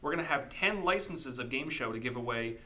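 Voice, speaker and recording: Man, podcast co-host, bright tone, confident, practical, casual chat. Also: medium pitch, animated, fairly quick. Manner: confident, practical advice-giving.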